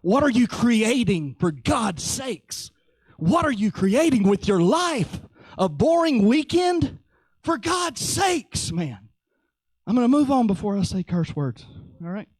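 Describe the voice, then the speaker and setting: Animated high-voiced preacher man. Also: a little slow, breathy edge, no room sound. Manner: lively, joking, acts out voices. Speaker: pastor. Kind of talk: sermon.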